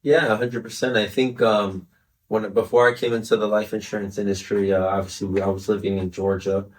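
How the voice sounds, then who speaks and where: A young man in his twenties with a fairly low voice, talking through a podcast interview in a loose, earnest way. He keeps checking in with "right?" and "you know", and he sounds a bit set back from the mic. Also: little pitch movement, fairly quick, far from the mic. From Chicago area, United States. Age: 20s. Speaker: interview guest.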